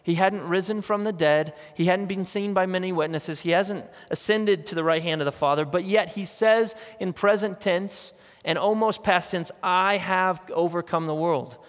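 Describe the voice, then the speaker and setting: A man's voice: high voice, steady tone, normal speed. A man preaching a sermon as pastor, talking earnestly and conversationally and pressing his points through repetition. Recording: long hall reverb.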